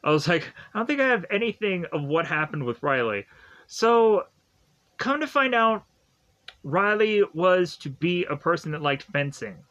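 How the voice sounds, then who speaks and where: Brief young male reviewer, slightly higher voice, loose rambling recap with jokey asides. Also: very animated, normal speed, pushed and bright, rough recording. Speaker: show reviewer. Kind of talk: casual recap commentary.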